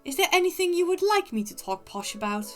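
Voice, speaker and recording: A woman livestreamer putting on the voice of a prim, posh upper-class lady, with formal, deliberate diction. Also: very high voice, big pitch swings, a bit bright, soft background music, voice pushed up, full character voice.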